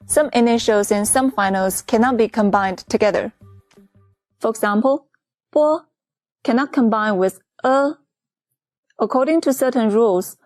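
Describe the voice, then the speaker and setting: A woman teacher in a scripted lesson, explaining clearly and patiently, step by step. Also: fairly high pitch, darkish tone, no echo, studio quality. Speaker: Chinese teacher.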